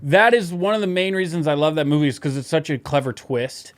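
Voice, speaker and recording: A man's voice: a little high, lively intonation, a little fast, dry recording. A man co-hosting a podcast in casual chat, teasing and arguing his point. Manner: teasing, argumentative. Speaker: podcast co-host.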